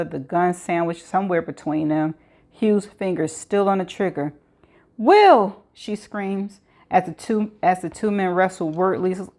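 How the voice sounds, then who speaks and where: A woman reading a thriller novel aloud in steady narration with occasional stumbles and restarts. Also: lowish voice. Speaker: audiobook reader.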